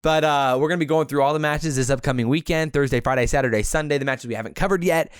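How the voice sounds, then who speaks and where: Upbeat joking male podcast host; slightly high, dry close-miked read. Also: fast, smooth, no echo. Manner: upbeat, joking, laughs often. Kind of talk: casual esports podcast chat.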